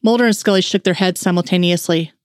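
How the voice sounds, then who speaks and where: A woman reading fan fiction aloud in a steady storytelling narration. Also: fairly low pitch, fast, no room sound, clean studio sound.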